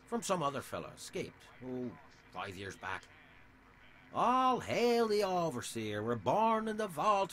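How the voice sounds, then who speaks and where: An actor with an Irish accent playing a sly, theatrical middle-aged saloon owner in a video game. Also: male voice, mid-range voice, a bit bright, slight background noise. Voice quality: theatrical, smug and oily.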